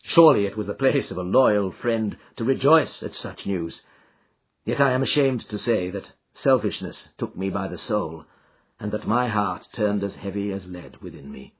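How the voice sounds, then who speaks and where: Brief: male audiobook narrator, measured, breathy tone, lo-fi sound. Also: lowish voice. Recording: slightly muffled lo-fi audio.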